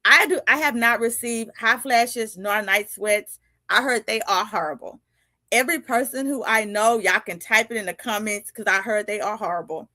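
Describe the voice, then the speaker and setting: A woman's voice: fairly high pitch, moderate pace, bright, forceful tone, dry recording. A woman in her fifties hosting a casual live video chat as a podcast host and coach. She talks animatedly, laughs often and acts out little dialogues. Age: 50s.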